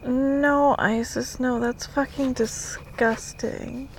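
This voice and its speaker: A woman's voice: a little high, unhurried, slight background noise, low-quality recording. A woman vlogging casually, swearing a lot and often dropping into whispers. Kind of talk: casual reaction vlog.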